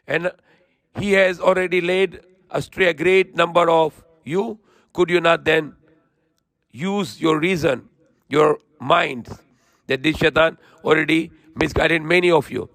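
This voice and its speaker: Male religious teacher, quick recitation with a high, bright voice; dry, close recording. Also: no echo. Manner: recites verses quickly, then explains in slow plain English. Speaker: Islamic teacher. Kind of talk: Quran lesson with recitation and translation.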